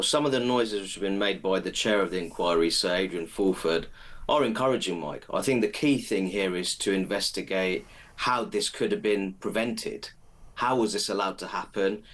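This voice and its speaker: A man with a low voice joins a live radio talk show as a political commentator. He speaks in a measured, earnest way, setting out his points one by one. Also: a bit bright. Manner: measured, earnest, builds arguments step by step.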